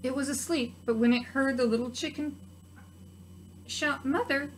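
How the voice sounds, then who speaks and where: A woman teacher reading a picture book aloud to preschool children, gently expressive with soft asides to her listeners. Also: high-pitched, a little fast, a little hiss or hum, rough recording. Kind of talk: children's story read-aloud.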